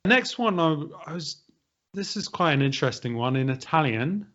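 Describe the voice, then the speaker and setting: A man's voice: on the high side, lively intonation, normal speed, a bit bright. British man hosting a language chat. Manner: thoughtful, hedging, poses quiz questions. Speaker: podcast host. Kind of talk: casual explanatory chat. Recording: dull lo-fi audio.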